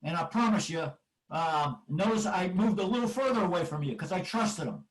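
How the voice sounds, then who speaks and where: Emphatic high-voiced older male coach. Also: lively intonation, normal speed, distant mic, rough recording. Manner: emphatic, repetitive cueing phrases. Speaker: football offensive line coach. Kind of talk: coaching clinic presentation over drill video.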